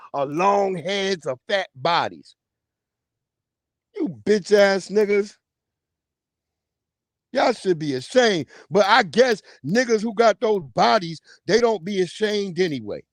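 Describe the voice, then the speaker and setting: High-voiced man ranting on a livestream. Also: no echo, clean studio sound. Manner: profane, mocking, loud outbursts. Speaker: livestream host. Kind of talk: heated livestream commentary.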